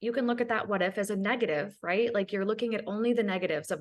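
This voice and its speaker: A woman's voice: mid-range voice, fast, few pauses. A woman hosting a podcast, chatting casually and with enthusiasm. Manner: enthusiastic, talks about her family. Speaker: podcast host.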